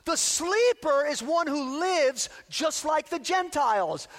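A man's voice: extremely high pitch, expressive, slow pace, fairly bright tone. A man preaching a sermon as a pastor, emphatic and repetitive, stacking rallying phrases to drive his points home. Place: church sanctuary. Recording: long reverb of a large hall.

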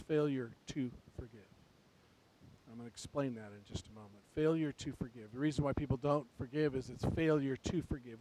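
A man preaching a sermon to a church congregation, swinging between quiet, reflective passages and loud, urgent ones. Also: medium pitch, low-quality recording. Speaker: pastor. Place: church sanctuary.

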